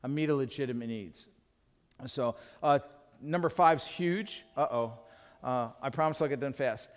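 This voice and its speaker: A man preaching a sermon as pastor, animated and acting out little scenes as he teaches. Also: medium pitch, normal speed. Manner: animated, acts out quotes in other voices. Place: church. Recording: long reverb of a church hall.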